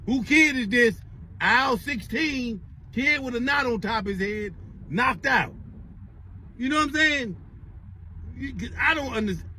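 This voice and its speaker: Man, high-pitched for his sex, casual profane storytelling vlog, rambling delivery, faint car noise behind. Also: unhurried, pauses often, low-quality recording. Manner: rambling, profane, animated retelling. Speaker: vlogger. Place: in a car on the way to work.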